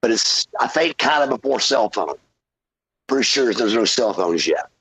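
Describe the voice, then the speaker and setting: Husky man telling a wild story. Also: medium pitch, normal speed, dry recording, low-quality recording. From Georgia, USA. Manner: animated, swearing, acts out quotes. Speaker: podcast guest, former pro wrestler. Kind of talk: profane storytelling.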